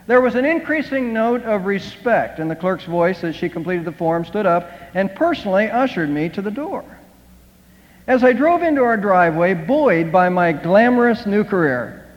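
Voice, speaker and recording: A man preaching a sermon as the pastor, praying earnestly and telling a story, often halting and restarting his words. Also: high-pitched, animated. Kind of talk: sermon with prayer. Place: church sanctuary. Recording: dull sound in a reverberant hall.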